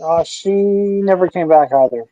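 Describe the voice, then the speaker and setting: A man's voice: high voice, unhurried, dark tone, dull audio. A man in a casual podcast chat, answering with short, agreeing replies.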